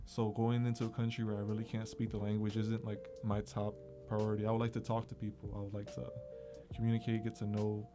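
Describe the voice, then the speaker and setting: Easygoing young man, fast talker. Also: lowish voice, completely flat delivery, over music. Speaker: dating show guest. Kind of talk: casual chat. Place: college radio studio.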